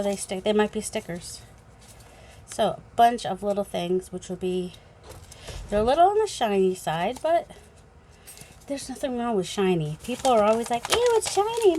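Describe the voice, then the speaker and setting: Casual New England woman, mid-pitched, rambling crafter hosting her own channel on a phone mic, faint hiss. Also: animated, normal speed, long pauses, mellow. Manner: chatty, rambling, thinking aloud with many fillers. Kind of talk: casual unboxing chat.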